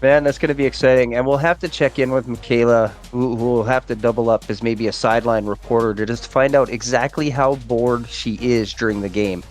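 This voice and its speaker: Relaxed man calling a game. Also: medium pitch, brisk, hardly any pauses, soft background music. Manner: relaxed, jokey, rambling. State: recovering from a cold. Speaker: play-by-play commentator. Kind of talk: casual game commentary.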